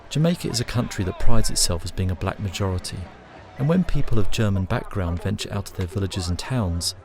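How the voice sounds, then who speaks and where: A man reading scripted documentary narration in an even, measured way. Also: low voice. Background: guitar and harmonica music.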